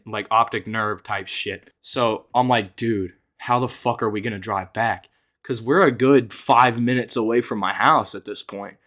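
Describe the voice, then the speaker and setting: A man's voice: medium pitch, a bit bright. A young man telling a wild personal story in a loose, rambling way, swearing often and filling with "like". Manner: rambling, profane, fillers like "like". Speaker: vlogger. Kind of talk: casual storytelling.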